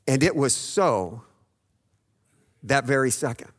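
A man's voice: medium pitch, animated, slow, pauses often, big-room sound. A man preaching a sermon, retelling a Bible story in a conversational way, often checking in with "okay?" and acting out the voices in it. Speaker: pastor.

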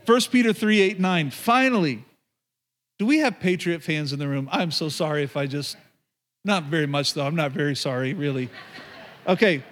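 A man preaching a sermon to a live congregation, lively and joking, with quick asides to the room. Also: a little high. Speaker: pastor. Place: church before a live congregation.

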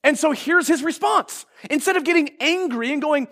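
A man's voice: very high-pitched, a little fast, few pauses, pushed and bright. A male pastor preaching a sermon, retelling a story and acting out the quoted lines, often restarting his phrases.

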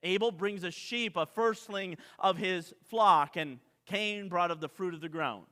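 A man preaching a sermon from the pulpit, his voice pitched high and sharp. He drives each point home by repeating it and putting questions to the congregation. The sound hangs in the long reverb of a big church hall. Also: a little slow. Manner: emphatic preaching, repeats key lines, rhetorical questions to the congregation. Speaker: pastor. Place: church sanctuary.

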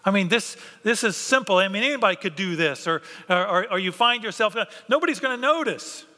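A man preaching a sermon in a lively way, acting out the voices of biblical characters. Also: sits high, a little fast. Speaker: pastor. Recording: long hall reverb.

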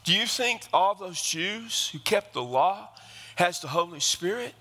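A male pastor preaching an emphatic sermon, building to excited, fast passages. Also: high-pitched, long reverb tail.

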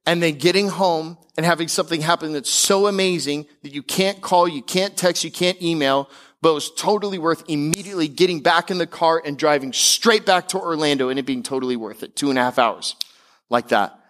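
Emphatic male pastor, higher voice. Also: fairly bright tone. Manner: emphatic preaching with casual asides; slows and climbs in pitch on key declarations. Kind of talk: sermon.

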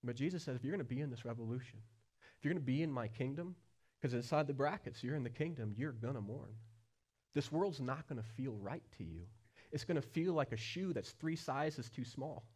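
A man preaching a sermon as pastor, earnest, with questions put straight to the listeners and swings from quiet low passages to loud high-pitched stretches. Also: animated, fairly quick. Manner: asks the listeners direct questions.

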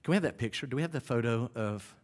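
A pastor preaching a sermon. He moves between quiet, low teaching and loud, vivid storytelling. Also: expressive, quick pace, long reverb tail.

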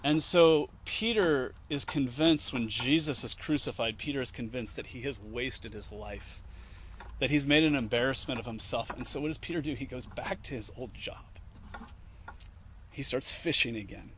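A man's voice: mid-range voice, moderate pace, a bit bright. Man in a mid-range voice, chatty teacher who acts out the quotes as he retells, faint hiss behind. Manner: conversational, frequent fillers and restarts. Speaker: Christian teacher. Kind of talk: informal teaching talk.

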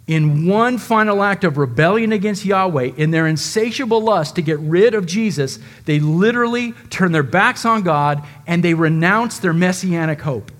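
A man preaching a sermon, dramatically acting out quoted lines with shifting loudness. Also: a little high. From United States. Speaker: pastor.

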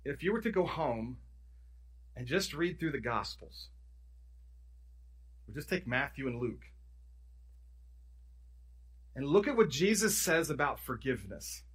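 Husky-voiced man preaching a sermon. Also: medium pitch, very animated, normal speed, pauses often. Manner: conversational preaching, restarts and self-corrections, emphatic storytelling. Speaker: pastor.

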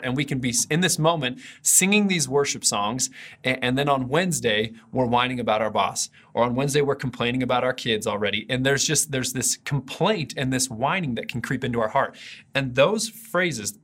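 Husky-voiced man preaching a sermon. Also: mid-range voice, a little fast, fairly bright tone. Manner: earnest, conversational preaching with repeated restarts. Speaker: pastor. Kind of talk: video sermon.

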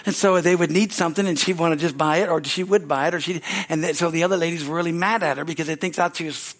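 A man's voice: fairly high pitch, fairly even intonation, fast. A male pastor preaching a sermon at a church service, exuberant and calling out hallelujahs.

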